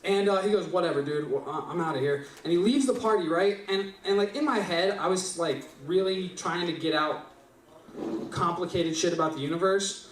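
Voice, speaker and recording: A young man tells a rambling, profane story at an open mic, checking in with the crowd as he goes. His voice sits a little high. The recording is roomy and distant, caught from across a small venue. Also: normal speed. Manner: rambling, profane, keeps asking "right?". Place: small live venue stage. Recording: echoey room, distant mic.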